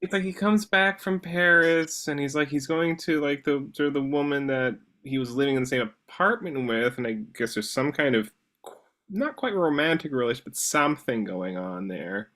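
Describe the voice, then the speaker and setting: A man's voice: fairly high pitch, normal speed, a bit bright. A man talking casually about a novel, rambling with many fillers and restarts. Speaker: book discussion participant. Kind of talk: casual chat.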